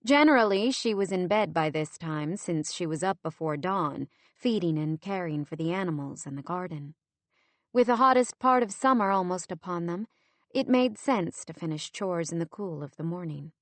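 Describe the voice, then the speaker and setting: Steady woman audiobook narrator. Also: lowish voice, dry recording. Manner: steady, measured storytelling. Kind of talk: scripted narration.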